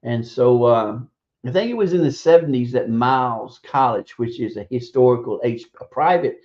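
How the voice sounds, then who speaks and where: Blunt, scornful male radio commentator. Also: mid-range voice. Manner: hesitant, halting delivery with drawn-out pauses. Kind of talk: opinion commentary. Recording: dull lo-fi stream audio.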